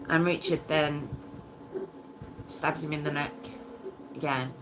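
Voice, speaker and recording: A woman's voice: low voice, steady tone, takes it slowly, background noise. A woman hosting a true crime story in a casual, emotional and indignant way, repeating phrases as she goes.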